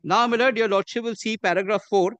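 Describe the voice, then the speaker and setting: A man with an Indian English accent, arguing a case before a judge in measured, deferential courtroom speech. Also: high-pitched, steady tone, fairly bright tone, clear, resonant tone, dry recording, dull audio. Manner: measured and deferential, says "my lord" constantly. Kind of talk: formal courtroom argument.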